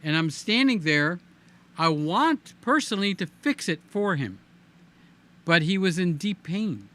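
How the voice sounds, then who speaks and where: Male host, slightly high pitch; chatty storyteller who keeps asking "okay?". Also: big pitch swings, unhurried, bright, forceful tone. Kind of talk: casual conversation.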